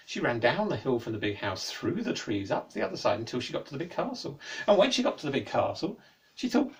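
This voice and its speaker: A man telling a folk tale aloud in a playful, animated way. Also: a little high, fast talker, creaky, recorded from a distance. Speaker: storyteller. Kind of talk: oral folk-tale storytelling.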